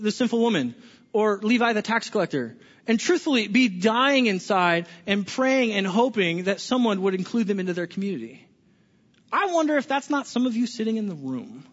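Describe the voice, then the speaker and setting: A male pastor who oversees small groups preaches a conversational sermon to an audience in a church hall, frequently restarting words and posing questions to listeners. His voice is high-pitched and a bit bright, and the recording is echoey, dull and lo-fi.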